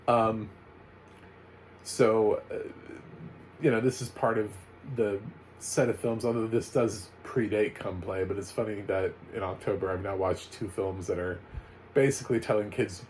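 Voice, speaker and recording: An American man giving a casual, chatty spoken film review, full of animated asides and fillers. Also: lowish voice, a little slow, slight background noise, low-quality recording. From United States. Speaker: movie reviewer.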